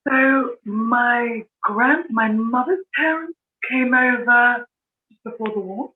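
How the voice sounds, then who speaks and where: A woman's voice: fairly high pitch, slow pace, a little hiss or hum. British woman, from London, interview guest, matter-of-fact, tinny phone-like sound. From London, England. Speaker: guest, author. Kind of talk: casual interview chat.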